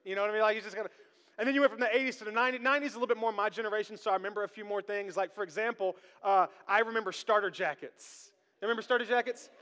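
High-voiced joking pastor in a reverberant hall. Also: male voice. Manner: joking, animated, repeats words, talks to the congregation. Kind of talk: sermon. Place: church sanctuary. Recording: live with long hall reverb.

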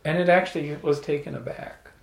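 A man telling a personal story to a small audience, animated, often laughing and restarting his words. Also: fairly high pitch, brisk, creaky. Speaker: salon speaker. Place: room with a small live audience. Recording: echoey room.

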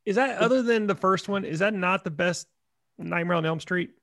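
A man co-hosting a casual movie podcast, offhand and quick to laugh. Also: high-pitched, gravelly, fairly bright tone. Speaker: podcast co-host. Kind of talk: casual chat.

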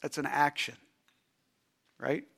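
A pastor preaching a sermon, swinging between loud emphatic lines and hushed near-whispers. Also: male voice, fairly high pitch, takes it slowly, vocal fry, slightly rough.

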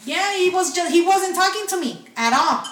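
A woman's voice: very high voice, lively intonation, moderate pace, fairly bright tone, far from the mic. A young woman telling a personal story to friends, swearing often and slipping between English and Spanish. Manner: profane, mixes English and Spanish. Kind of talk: casual storytelling among friends. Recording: echoey room, off-mic, faint noise.

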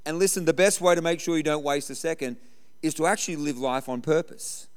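A man's voice: fairly high pitch, brisk, clear, resonant tone, long reverb tail. A middle-aged man preaching a sermon, telling stories and hammering points with repetition. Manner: storytelling, emphatic repetition. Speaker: pastor.

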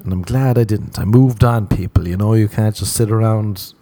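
A man with a lowish, mellow voice riffs through a comedic storytelling monologue. He is crude and self-mocking, rambles from one tangent to the next, and laughs often. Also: normal speed. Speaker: podcast host.

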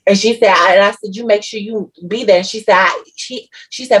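A woman co-hosting a podcast, telling a personal story in casual chat with a lively, emotional, slangy manner. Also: mid-range voice, fairly quick, breathy edge, low-quality recording. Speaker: podcast co-host.

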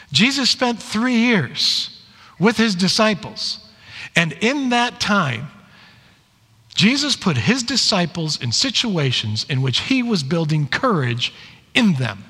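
A male pastor delivers his sermon in a high, lively voice that swoops as he tells the stories and plays each quoted line. His tone rings bright, and the sound carries a long reverb from the church room. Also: slightly rough. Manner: animated storytelling, acts out quoted lines.

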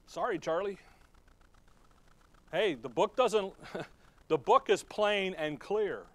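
A man delivers a sermon in a high, bright-edged voice, recorded dry and close. He talks to the congregation conversationally, then punches single words hard for emphasis and drifts into quick asides. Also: lively intonation, no echo. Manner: conversational preaching with sudden loud emphasis and asides. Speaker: pastor.

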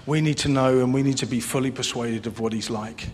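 A man's voice: steady tone, fairly quick, a little mellow. Earnest man preaching in a hall. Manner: earnest, repetitive preaching cadence. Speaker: pastor. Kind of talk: sermon. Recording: long reverb, faint rumble.

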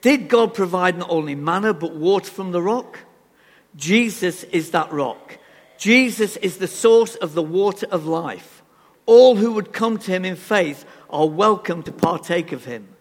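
A man delivers a sermon in a fairly high voice, emphatic and animated, tossing rhetorical questions to his congregation. His voice rings with the long reverb of a church hall. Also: measured pace. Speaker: preacher.

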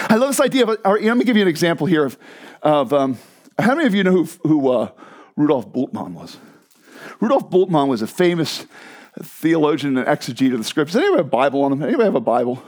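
A man preaching a sermon to his church, conversational and animated, with asides to the congregation. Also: high-pitched, quick pace. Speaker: pastor. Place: church sanctuary.

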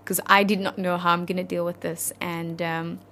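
A South African woman in her thirties, an interview guest telling a personal story in an earnest, halting, heartfelt way. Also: on the low side, flat delivery, fairly bright tone, a little hiss or hum.

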